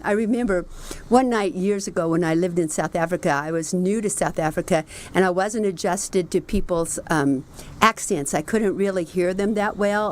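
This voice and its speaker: A middle-aged woman hosting a book review show, talking casually and telling stories, and quoting people in lively put-on voices. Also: on the low side. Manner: chatty storytelling, animated quoting of others.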